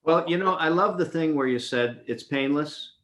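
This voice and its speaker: A man's voice: on the high side, moderate pace, fairly bright tone. Friendly man asking interview questions.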